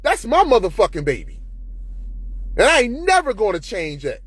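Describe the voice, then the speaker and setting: A man's voice: high-pitched, huge pitch swings, moderate pace, a bit bright, husky, no echo. A man in an unscripted monologue to camera, profane and preachy, often heated. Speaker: vlogger.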